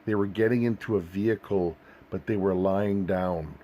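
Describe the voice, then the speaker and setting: Low-voiced man earnestly recounting a dream. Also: fairly even intonation, normal speed, warm tone, a little hiss or hum. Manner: earnest, searching storytelling. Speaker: Christian video host.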